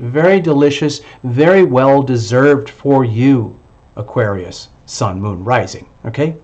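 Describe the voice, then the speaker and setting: A man's voice: a little high, a little mellow. Emphatic man giving a tarot reading. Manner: emphatic and repetitive, voicing the listener's thoughts. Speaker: tarot reader.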